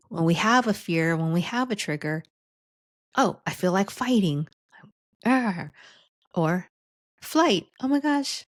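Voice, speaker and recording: A woman's voice: lowish voice, no echo, clean studio sound. A woman hosting a solo podcast, teaching leadership in a conversational way, often checking in with "right?". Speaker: leadership coach and podcast host.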